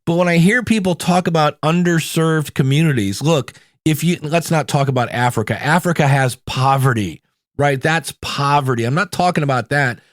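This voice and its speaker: A man's voice: a little high, moderate pace, dry recording. Middle-aged man, from the US, podcast host, chatty monologue, dry close sound. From United States. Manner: chatty, conversational, animated asides.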